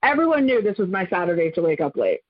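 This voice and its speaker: A woman in her forties, a podcast guest, telling a personal story in an animated, expressive way and jumping up in pitch as she acts out quotes. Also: fast talker, no echo. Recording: dull lo-fi recording.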